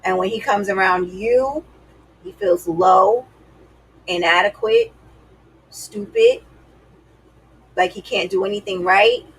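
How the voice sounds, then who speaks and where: Sassy woman talking dating advice to camera, kinda gravelly and husky, calls everyone y'all. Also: mid-range voice, unhurried, low-quality recording. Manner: sassy, emphatic, addresses viewers as y'all. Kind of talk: casual advice talk to camera.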